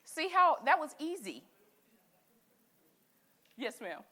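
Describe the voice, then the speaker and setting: A woman leading a church group session, speaking in an animated, encouraging and direct way. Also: high voice, slow pace. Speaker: session leader. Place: church meeting room.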